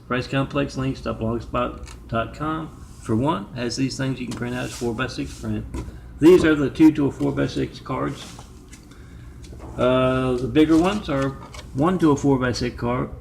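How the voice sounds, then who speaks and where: Gravelly man rambling into the camera. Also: mid-range voice, slight background noise. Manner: digressive, spells out numbers and web addresses. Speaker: video maker. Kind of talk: rambling monologue.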